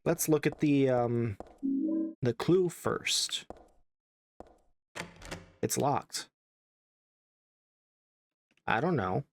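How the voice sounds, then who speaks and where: A man's voice: medium pitch, animated, very slow, creaky, long pauses. A man casually commentating a horror video game as he plays, wry and chatty, reading the on-screen text aloud. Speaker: let's play gamer.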